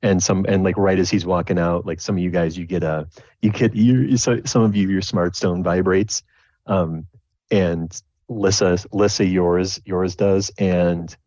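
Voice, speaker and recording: A man with a deep, husky voice runs a tabletop game, rambling and restarting his sentences as he narrates. The recording is dull and dry. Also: steady tone, unhurried, warm tone, no echo. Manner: rambling, full of restarts and fillers. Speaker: game master.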